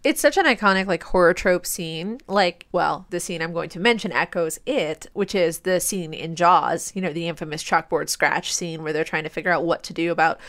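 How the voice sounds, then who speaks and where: Enthusiastic woman, lowish voice. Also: normal speed, hardly any pauses, fairly bright tone. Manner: enthusiastic, talkative. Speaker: podcast co-host. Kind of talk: casual film discussion.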